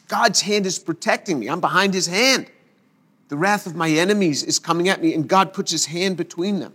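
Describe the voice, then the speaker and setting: A middle-aged man preaching an expository sermon, earnest, repeating key phrases for emphasis and stumbling into quick restarts. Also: high voice, bright, forceful tone, husky.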